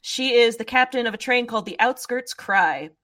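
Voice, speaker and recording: A woman running a tabletop game as game master, narrating slowly with hesitant fillers. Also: fairly high pitch, expressive, fairly bright tone.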